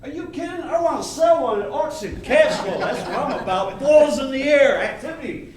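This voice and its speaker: An actor playing a brash, fast-talking male Hollywood agent in a live stage play, pushing with salesman patter. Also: high-pitched, animated, crowd noise. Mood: pushy. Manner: pushy, wisecracking salesman patter. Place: theater stage. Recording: echoey stage from far off.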